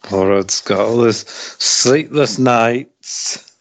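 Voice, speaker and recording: A man's voice: mid-range voice, very slow, slight background noise. A man from Britain co-hosting a podcast in laid-back casual chat, laughing a lot and using British slang. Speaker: podcast co-host.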